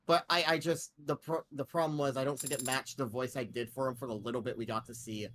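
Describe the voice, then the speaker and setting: A man streaming, chatting casually and self-critically between voice lines, in a halting way. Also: mid-range voice, fairly even intonation, background noise. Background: game music.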